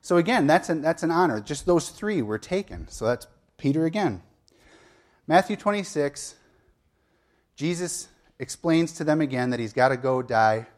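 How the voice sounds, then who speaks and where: A man's voice: on the high side, animated, normal speed. A man preaching a sermon as a pastor, retelling a story in a conversational way with asides and light humor.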